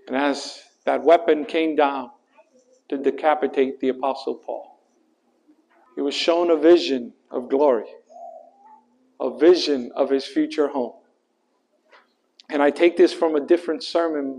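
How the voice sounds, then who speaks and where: A male pastor preaching a sermon, slow and earnest, rising in pitch and force at his peaks and asking the congregation to finish verses. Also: dark tone.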